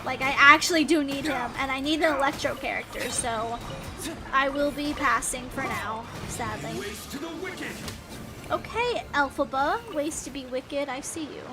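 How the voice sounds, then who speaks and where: A young woman with a high, bright voice chatters through her gameplay, rambling and giggling, breaking into sudden yelps. Game music plays clearly behind her. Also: lively intonation, unhurried. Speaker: gaming channel host. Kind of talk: casual gameplay commentary.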